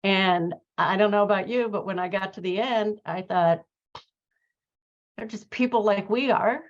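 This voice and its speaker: A reflective woman host shares a personal story in a relaxed conversational way. She works through her thoughts with fillers and restarts, and the mid pitch of her voice stays warm and unhurried. The recording sounds a little dull and lo-fi. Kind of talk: conversational interview chat.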